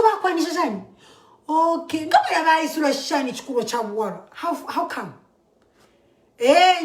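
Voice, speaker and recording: A woman's voice: on the high side, roomy sound. A Zambian woman giving an impassioned political monologue, mixing English with a local language and often asking "eh?". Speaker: social media commentator.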